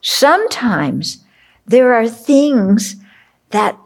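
A woman's voice: on the high side, very animated, extremely slow. A Buddhist woman teacher giving a reflective dharma talk, checking in often with her listeners. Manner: reflective, checks in with "okay?", acts out inner voices.

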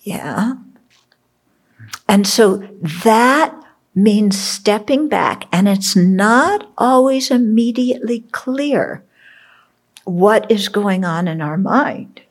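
Woman Buddhist teacher, reflective dharma talk; unhurried, husky. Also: mid-range voice, animated. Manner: reflective, checks in with "okay?", acts out inner voices.

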